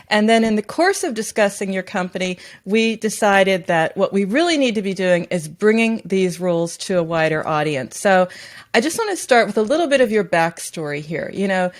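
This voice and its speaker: Woman, podcast host, measured polished delivery, scripted intro and questions. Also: medium pitch, lively intonation.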